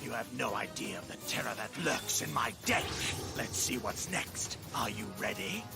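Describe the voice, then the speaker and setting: A man's voice: mid-range voice, big pitch swings, normal speed. A man voicing a menacing male cartoon villain in a dub, gloating as he taunts his rival. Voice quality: gravelly, gloating. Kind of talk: 1990s cartoon dub acting. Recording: cartoon clip with music behind.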